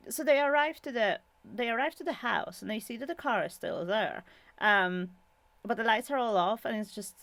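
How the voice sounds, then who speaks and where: Chatty, animated woman on a dry mic. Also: medium pitch, no room sound. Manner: animated, exclaiming, quick asides; many fillers and restarts, chatty. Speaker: channel host summarizing a true-crime book. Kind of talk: casual spoken summary with rants.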